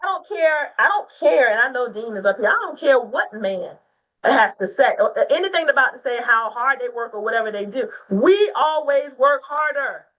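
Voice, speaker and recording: Bright-voiced woman hosting a call. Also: on the high side, normal speed, far from the mic, muffled recording. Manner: emphatic, preachy, rising to a near-crying rally. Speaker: host of a women's agent forum. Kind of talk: casual chat.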